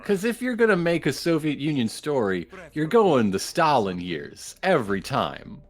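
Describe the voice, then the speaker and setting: A man co-hosting a charity game stream, making wry, quick asides in casual commentary. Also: a little high, sing-song, soft background music.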